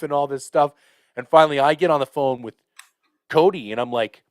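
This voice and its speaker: A man hosting a podcast, telling a hunting story in a casual, profane, animated way with lots of fillers. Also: medium pitch, a little fast, no room sound. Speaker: podcast host.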